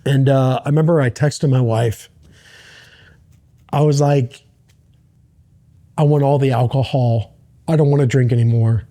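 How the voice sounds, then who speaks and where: A middle-aged man telling a personal story as a podcast guest, earnest and halting, with many restarts. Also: mid-range voice, fairly even intonation, dark tone. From United States.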